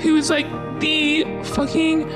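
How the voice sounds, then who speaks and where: A woman with a high voice tells a personal story in loose, casual chat. She rambles, filling her sentences with "like" and swearing freely, with guitar music playing clearly behind her. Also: completely flat delivery, slow pace.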